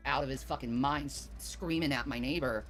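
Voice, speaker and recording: A woman's voice: a bass voice, brisk, a bit bright, faint music behind. A woman streamer chatting casually, telling a rambling story full of profanity. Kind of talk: casual livestream chat.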